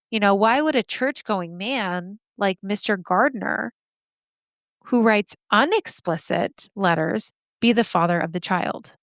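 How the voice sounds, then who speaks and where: A woman with a smooth, clear voice tells a true-crime story in a relaxed, chatty way. She keeps breaking in with dry, sarcastic remarks. The recording is close and dry, with no room sound. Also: mid-range voice, dry recording. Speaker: podcast host.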